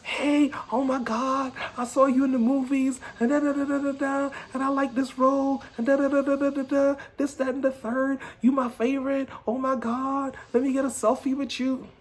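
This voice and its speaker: A man's voice: very high voice, flat delivery, voice pushed up. A man putting on the voice of a breathless, fawning fan who babbles at a celebrity. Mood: gushing. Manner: rapid babbling chatter.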